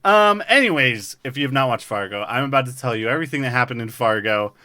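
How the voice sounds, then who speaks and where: A man hosting a podcast in casual chat, jokey and quick to laugh. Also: mid-range voice, lively intonation, bright, forceful tone. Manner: jokey, laughs often, reads recap lines in a put-on Midwestern voice. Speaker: podcast host.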